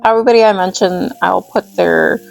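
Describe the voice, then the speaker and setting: A woman's voice: mid-range voice, fairly even intonation, fairly quick, vocal fry, faint music behind. A woman vlogger chatting casually about her doll collection, rambling and giggly, tripping over names as she goes. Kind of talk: casual chat while restyling dolls.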